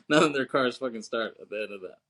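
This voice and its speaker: A man in mid-pitch chats loosely through a movie recap on a podcast, stacking fillers as he goes. He laughs often and jumps into louder, higher voices to act out what the characters say. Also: big pitch swings, brisk. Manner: rambling, laughs a lot, acts out quotes in raised voices. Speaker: podcast co-host. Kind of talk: casual movie recap chat.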